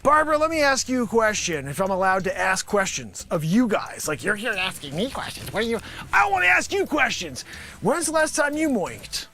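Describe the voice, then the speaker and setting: A man hosting a live improv comedy show, pitching a made-up product in a wisecracking, animated way that swings between loud and soft. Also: normal speed.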